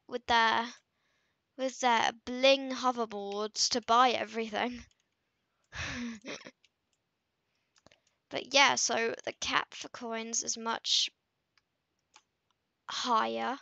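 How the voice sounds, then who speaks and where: A woman talks through her gameplay in loose, filler-heavy commentary, often trailing off self-consciously. Her voice sits a little high and comes across sharp and bright, with a gravelly fry running through it. The sound is dry and close. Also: steady tone, slow, long pauses, no room sound, dull audio. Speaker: gaming video creator.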